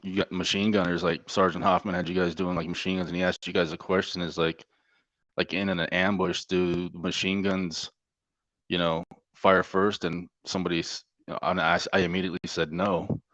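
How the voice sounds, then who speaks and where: A very low-pitched man in middle age, swearing freely as he tells laid-back stories from his service. His voice comes through dull and dry, with a muffled, close, lo-fi sound. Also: little pitch movement, fairly quick, a bit bright, no echo. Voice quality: profane, laid-back storyteller. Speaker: Navy corpsman guest. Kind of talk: casual storytelling interview.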